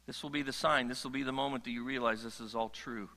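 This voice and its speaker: A male pastor delivers a sermon in a large church hall, his voice very bright and forceful. He talks in an animated way, drops joking asides and restarts his phrases often. A long reverb from the hall trails behind his words. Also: mid-range voice, rapid-fire, hardly any pauses.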